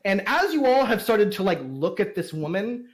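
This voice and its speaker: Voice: medium pitch, sing-song, normal speed. A game master narrating a tabletop game, rambling with many fillers and restarts.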